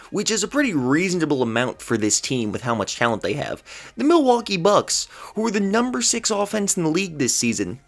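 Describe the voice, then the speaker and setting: A man delivers a solo basketball rant to camera with an incredulous, exasperated edge. His pitch swings widely as he fires off rhetorical questions. He sometimes trips over his words when he gets worked up. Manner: stammers when flustered. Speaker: basketball commentary vlogger.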